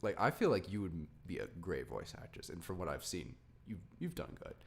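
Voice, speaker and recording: Brief: young male podcast host, low and very lively voice, rambly and full of fillers. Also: fairly quick. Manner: rambling, many likes, laughs often. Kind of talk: casual podcast chat.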